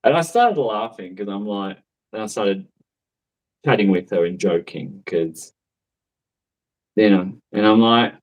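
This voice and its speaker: A man's voice: on the low side, a little slow, long pauses, rough recording. A man who works as a psychic medium tells a story in a casual, rambling way, full of fillers and asides. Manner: chatty, rambling, with many fillers and laughs.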